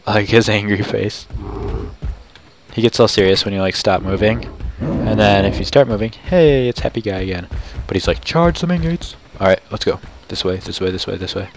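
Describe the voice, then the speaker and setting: A man playing a building game and commenting casually, goofy and excitable with sudden high yelps. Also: a little fast, noisy background. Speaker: gamer. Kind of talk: casual let's play commentary.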